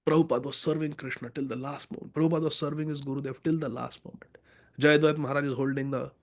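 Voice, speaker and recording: A man's voice: mid-range voice, steady tone, quick pace. A man teaching a devotional scripture class, telling stories and acting out the quoted lines.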